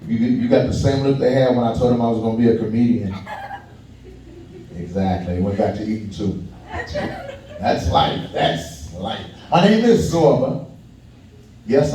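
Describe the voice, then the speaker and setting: Male comedian from Kentucky, mellow tone, loose crowd-work delivery, recorded far off in a reverberant small venue. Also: medium pitch, fairly quick, a little hiss or hum. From Kentucky, USA. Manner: loose, conversational, laughing at his own jokes, talks to the crowd. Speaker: stand-up comedian. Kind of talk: stand-up comedy set. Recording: echoey room, mic heard from far.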